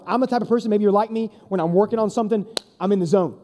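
Male youth pastor, high mellow voice, relaxed conversational preaching, long hall echo. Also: very fast. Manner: casual, conversational, emphatic. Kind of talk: sermon. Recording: long reverb of a large hall.

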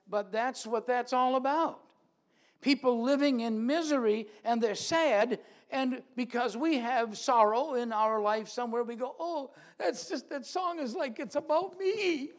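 A man preaching a sermon in a church, animated, acting out quoted voices with big swings in loudness. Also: very high-pitched.

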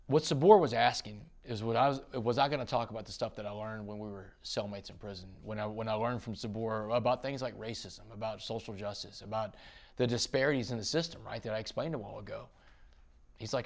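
A man's voice: on the low side, fast, vocal fry. A man from Texas, a podcast guest telling a dramatic story in an interview. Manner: dramatic storytelling, rising to excited bursts.

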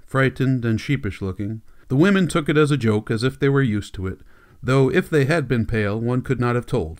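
A man's voice: mid-range voice, clear, resonant tone. Man narrating a classic novel. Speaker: audiobook narrator. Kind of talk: scripted narration.

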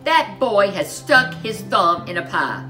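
A woman's voice: medium pitch, sing-song, measured pace, bright, forceful tone, soft background music, voice pushed up. A woman voicing a fussy male troll who talks in a gossipy, prim way about manners in a storybook reading.

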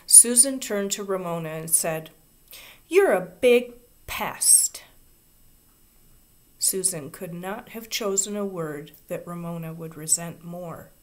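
Soft-spoken woman reading a storybook. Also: fairly low pitch. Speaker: reader. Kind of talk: storybook read-aloud.

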